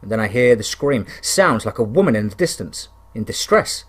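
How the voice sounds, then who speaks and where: A man reading a first-person wilderness horror story in a steady, conversational way with dry touches of humour. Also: on the low side, normal speed, husky.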